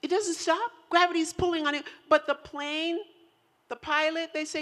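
A woman pastor preaching a sermon to her congregation, animated and teasing, rising to loud emphatic peaks. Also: very high voice, moderate pace. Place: church in central New York.

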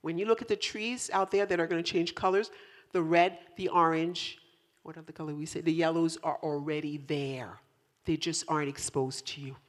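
A woman preaching a sermon with a lot of animation. Her voice climbs to loud, emphatic peaks and drops back down. She teases her congregation as she goes. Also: low-pitched, steady tone, normal speed. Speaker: pastor. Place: church in central New York.

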